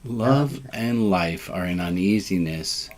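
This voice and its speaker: A man leading a relaxed, informal service, joking and self-deprecating, with sarcastic asides. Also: low voice, slow pace, a little hiss or hum.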